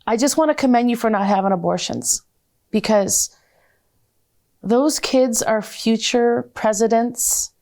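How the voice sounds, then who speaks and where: A woman's voice: a little high, a little slow, a little mellow. A woman hosting a faith-based talk show, effusive and affectionate with her guest, full of exclamations.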